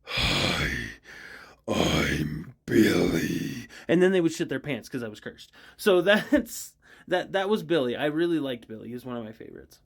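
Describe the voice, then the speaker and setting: A man's voice: on the high side, lively intonation, a little fast. A man chatting casually about his characters, rambling and giggling, with lots of fillers. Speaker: voice actor vlogger. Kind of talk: casual chat.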